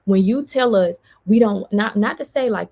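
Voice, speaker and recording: A woman vlogger, venting in an animated storytime and quoting others as she goes. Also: medium pitch, moderate pace. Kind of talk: casual storytime vlog.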